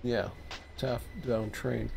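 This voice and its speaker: A mid-pitched man talks casually to a game audience, muttering his thoughts aloud as he works the signals. His delivery is unhurried and a touch sleepy. A faint hum of background noise sits under his voice. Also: little pitch movement, creaky, a little mellow. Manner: thinking aloud, low-key and muttering; yawning, a bit sleepy. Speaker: streamer. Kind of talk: casual commentary while playing a train dispatching game.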